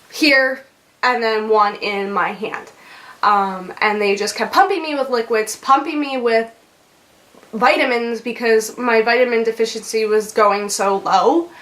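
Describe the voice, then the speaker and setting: A woman's voice: a little high, a little slow, fairly bright tone. A young woman vlogger telling a story in a chatty way, with lots of fillers, laughs and swearing. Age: young adult. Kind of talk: casual storytime.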